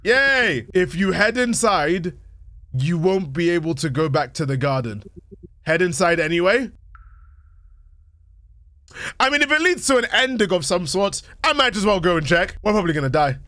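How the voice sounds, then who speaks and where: A young man commentating a horror game playthrough, reacting excitably and reading the on-screen text aloud. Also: high voice, normal speed, long pauses, dry recording. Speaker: gaming youtuber.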